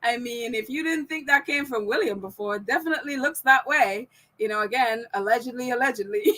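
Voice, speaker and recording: High bright-voiced woman podcast host. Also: a little fast. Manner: ranting, laughs often between phrases. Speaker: podcast host reading viewer comments. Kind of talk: casual opinion chat.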